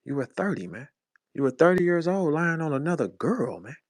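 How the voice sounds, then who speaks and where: Very animated and brisk, this fairly high-pitched voice comes through on a dry recording. The speaker, a battle rap host in his forties from St. Louis, USA, mocks his target in a heated, profane monologue on his own show.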